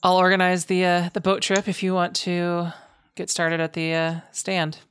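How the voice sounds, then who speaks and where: A woman's voice: lowish voice, completely flat delivery, moderate pace, clean tone, close to an everyday voice. A woman voicing a weary, sighing male goblin merchant who hesitates often as she speaks. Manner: sighing, hesitant, full of ums.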